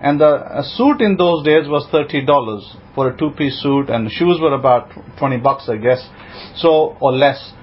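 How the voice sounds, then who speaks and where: A male rabbi telling a story in a sermon, acting out the quoted lines with animated delivery. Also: mid-range voice, normal speed. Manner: animated retelling with voiced quotes, laughs now and then. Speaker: rabbi teaching a congregation. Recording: dull lo-fi sound with faint noise.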